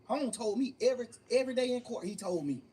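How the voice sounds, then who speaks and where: A man's voice: extremely high pitch, expressive, fast talker, dark tone. A young man being interviewed, telling his story emphatically and profanely, often repeating phrases. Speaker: interview guest. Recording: distant mic with faint room noise.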